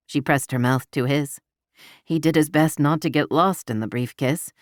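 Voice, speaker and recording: Low-voiced woman reading a romance novel, close mic, totally dry, calm and intimate. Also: moderate pace, no room sound. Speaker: audiobook narrator. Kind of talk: scripted romance narration.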